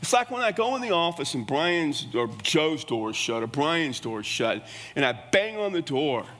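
A man's voice: fairly high pitch, very animated, moderate pace, fairly bright tone, soft background music. A man preaching a sermon in a folksy, conversational way. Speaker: pastor. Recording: long reverb of a large hall.

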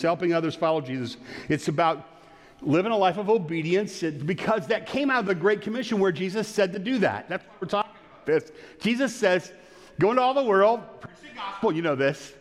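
A man's voice: a little high, fairly quick. A middle-aged man preaching a sermon as pastor, telling a story and acting out its voices. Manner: storytelling, acts out quoted lines. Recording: long hall reverb.

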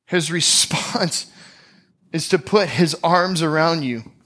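A man's voice: fairly high pitch, takes it slowly, fairly bright tone. A man preaching a sermon, telling a Bible story with drama and acting out the scenes. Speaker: pastor.

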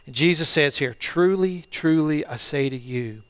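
A middle-aged pastor delivers a sermon at an online church service, earnest and halting, often repeating phrases and swinging between loud and hushed. His voice is a little high.

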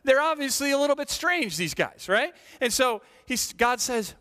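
A man's voice: very high voice, big pitch swings, moderate pace, pushed and bright, long reverb tail. A man preaching a sermon as associate pastor, telling a story animatedly and checking in with "right?".

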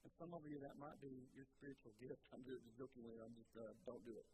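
A male pastor preaching a sermon in a conversational way, repeating key phrases and growing louder and higher when stirred. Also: steady tone, fast talker, noisy background.

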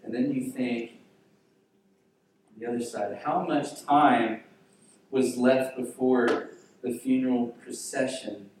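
Slow preaching man in a booming hall. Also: steady tone, slight background noise. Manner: dramatic storytelling, acting out quotes with hushed drops. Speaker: pastor. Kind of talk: sermon. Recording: very echoey hall, voice from far off.

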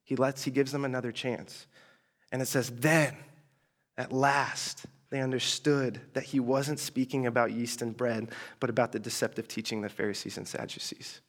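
A man's voice: medium pitch, steady tone, moderate pace. A man preaching in a casual storytelling style, chatty and slangy, with asides and mock exasperation. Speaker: preacher teaching a group.

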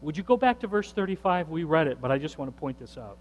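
A man's voice: on the high side, very animated, fast talker. A man preaching a sermon as pastor, emphatic, repeating phrases and putting questions to the congregation. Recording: reverberant hall with faint mains hum.

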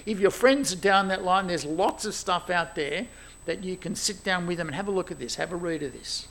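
A man preaching a sermon, animated and exclaiming, moving between loud emphasis and quiet asides. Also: high-pitched, fairly quick, gravelly, slight background noise.

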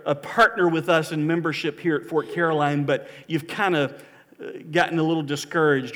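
A man's voice: on the high side, long reverb tail. A man preaching as a church pastor, speaking earnestly and inviting listeners, with emphatic rises when he stresses scripture. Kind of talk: sermon.

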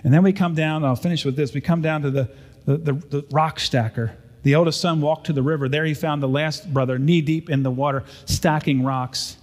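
A male pastor delivering a sermon in a conversational way, putting rhetorical questions to his congregation. His voice sits fairly high for a man. The sound carries the long reverb of a large church sanctuary. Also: fairly even intonation, brisk, darkish tone.

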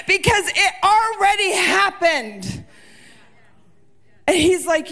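A woman's voice: very high voice, takes it slowly. Impassioned woman preaching a sermon. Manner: impassioned, shouting and near tears at peaks.

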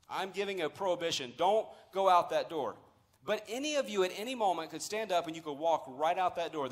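A pastor preaching a sermon in a church, speaking emphatically and slowing down to stress key phrases. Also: male voice, fairly high pitch. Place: church sanctuary.

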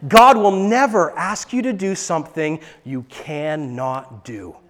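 A pastor giving an emphatic sermon, repeating words for stress, in a church. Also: male voice, fairly high pitch, slow pace, fairly bright tone. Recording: long hall reverb.

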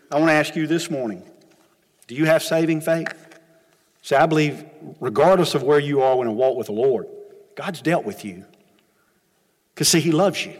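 A man preaching an earnest sermon as pastor, rising to emphatic questions and dropping low, ending with an altar call. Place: church sanctuary. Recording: long hall reverb. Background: music.

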